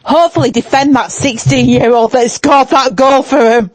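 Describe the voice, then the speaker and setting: A woman's voice: high-pitched, moderate pace. A woman with a Yorkshire accent, chatting bluntly and casually as a podcast co-host. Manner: blunt, exclaiming, mock-reluctant. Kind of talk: casual chat.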